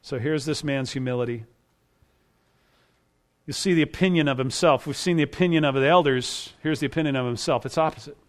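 Guy preaching a sermon, a bit high-pitched, hammers the same phrases, gets loud then drops way down. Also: brisk. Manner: emphatic, repeats key phrases, swings between loud and quiet. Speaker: pastor. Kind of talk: expository sermon.

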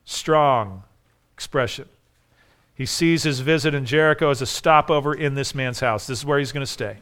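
A man preaching a sermon, emphatic, dropping soft and then rising loud. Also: medium pitch, moderate pace.

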